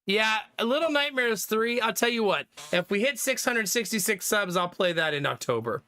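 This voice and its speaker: A young man talks loosely to his live-stream chat, thinking out loud and filling gaps with ums and likes. His voice sits a little high and sounds bright and forward. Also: animated, normal speed. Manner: rambling, thinking aloud, frequent fillers and laughs.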